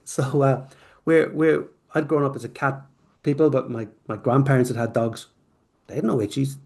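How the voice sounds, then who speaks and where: A podcast guest who founded a company tells a long, rambling story in a creaky, mid-range male voice at a normal pace. He's animated, acting out snippets of dialogue as he drifts from point to point, restarting often and tossing in asides.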